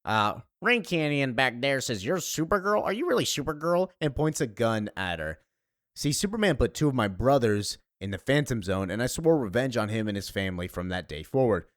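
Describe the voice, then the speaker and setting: A man's voice: mid-range voice, very animated, normal speed, no room sound, clean studio sound, close to an everyday voice. A man reading the lines of a blunt, vengeful gunman from a comic. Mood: menacing. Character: vengeful gunman, adult male, blunt and menacing.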